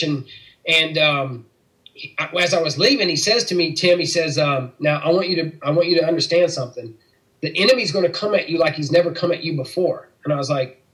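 A man's voice: fairly high pitch, fairly bright tone, low-quality recording. Earnest middle-aged man telling his story. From Missouri. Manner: earnest storytelling, acts out quoted dialogue. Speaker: interview guest. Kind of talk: personal faith testimony.

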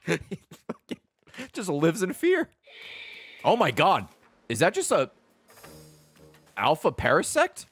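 A man with a medium-pitched voice streams a video game, giving casual, profane commentary full of excitable running reactions.

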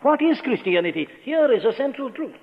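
With a very high voice, big pitch swings, and a slightly fast delivery, a man preaches earnestly and emphatically, posing rhetorical questions. It's an old radio broadcast from a large church hall, thin and phone-like.

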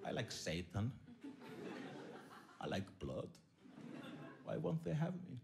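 A male comedian performing stand-up on a theater stage. He talks in a rambling, deadpan way, piling up fillers and false starts as he goes. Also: deep voice, slow pace, creaky.

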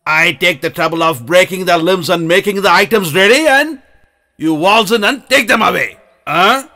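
An actor dubbing a brutal male beggar-gang boss who threatens and shouts at his men, in an English film dub. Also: high-pitched, moderate pace. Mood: furious.

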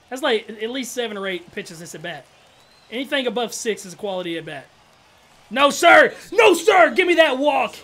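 Excitable young man narrating his gameplay. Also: high voice. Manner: excitable, trash-talking, says "dog" and "bro". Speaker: gaming channel host. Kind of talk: live game commentary.

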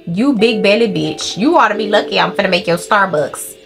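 A young woman doing profane, excitable let's play commentary, talking to her viewers as she plays. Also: medium pitch, a little fast. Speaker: gaming creator. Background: game music.

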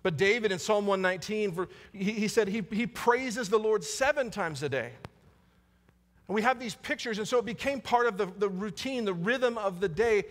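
A man's voice: sits high, moderate pace, fairly bright tone. A man, a pastor, preaching a sermon in an earnest way and repeating key lines for emphasis. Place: church sanctuary. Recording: long church hall reverb.

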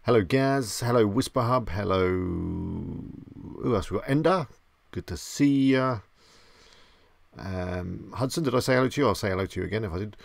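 A man's voice: lowish voice, moderate pace, creaky, no echo. A man hosting a casual live stream, chatty and self-deprecating, greeting viewers by name.

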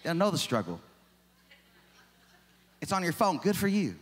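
A man's voice: on the high side, very animated, moderate pace, breathy edge. A man in his forties preaching a sermon, chatty and self-deprecating, with lots of rhetorical questions. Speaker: pastor. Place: church sanctuary. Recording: long reverb of a church hall.

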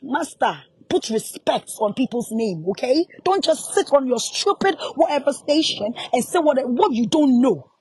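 A woman's voice: high-pitched, expressive, normal speed, hardly any pauses, darkish tone, slightly rough, no room sound. A Ghanaian woman, a music promoter, angrily scolding a journalist in a heated live rant and repeating her questions.

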